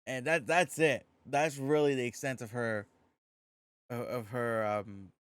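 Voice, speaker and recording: A man co-hosting a podcast in casual chat, relaxed and rambling, swearing casually. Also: mid-range voice, a little slow, smooth, dry recording. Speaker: podcast co-host.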